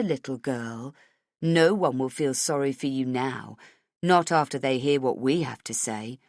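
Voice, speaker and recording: A woman voicing a menacing older male police chief who taunts in a low, hushed voice. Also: no room sound, clean studio sound, full character voice.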